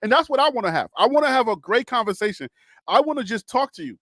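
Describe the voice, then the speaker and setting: Man, high voice, dry close sound, chatty political talk host who laughs a lot and repeats himself. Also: sing-song, fast talker, fairly bright tone, no room sound. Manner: chatty, laughs often, repeats phrases while thinking. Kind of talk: casual political talk to a viewer.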